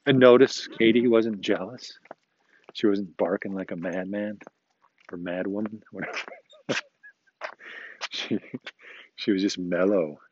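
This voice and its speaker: A man's voice: lowish voice, fairly even intonation, unhurried, pauses often, background noise. A middle-aged man hosting a casual podcast while walking his dog outdoors, rambling and joking in an easygoing way. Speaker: podcast host. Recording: dull lo-fi outdoor recording.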